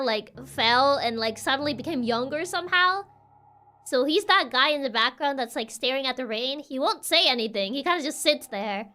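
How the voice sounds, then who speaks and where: A woman's voice: high-pitched, bright, forceful tone. A young woman streamer giving casual game commentary, playful and joking, with lots of fillers.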